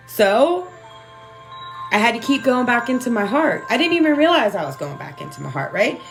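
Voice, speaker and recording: With faint music behind her, a very animated woman with a fairly high voice speaks at a moderate pace to her livestream audience. She's a spiritual self-help vlogger talking candidly and emotionally about spiritual growth, swearing freely and often asking "right?" in a chatty manner.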